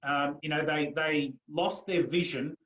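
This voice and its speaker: A man's voice: fairly high pitch, fairly even intonation, a little slow, a bit bright. A middle-aged man tells his personal story earnestly in a podcast interview. He talks emphatically and repeats phrases with growing force. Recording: roomy echo.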